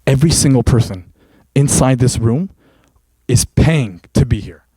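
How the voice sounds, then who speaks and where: A man voicing a calm male gym trainer who patiently explains things inside a spoken story. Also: medium pitch, a little fast, no room sound, pitched below the performer's own voice, natural voice. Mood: explaining. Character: Jeff, laid-back male gym trainer.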